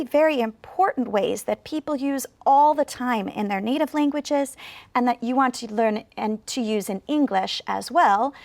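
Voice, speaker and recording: High-voiced woman teaching a clear lesson. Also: no room sound. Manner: slow, clear, encouraging teacher talk. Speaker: ESL teacher. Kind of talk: video lesson to learners.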